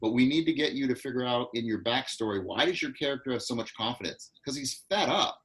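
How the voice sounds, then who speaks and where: A man acting coach leading a live online class, giving quick, directive notes over a video call. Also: mid-range voice, lively intonation, fairly bright tone, rough recording.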